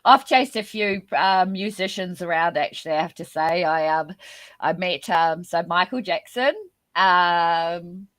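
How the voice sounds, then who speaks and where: A woman chatting casually on a podcast over a video call, expressive and quick to react. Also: on the low side, dry recording. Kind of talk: casual chat.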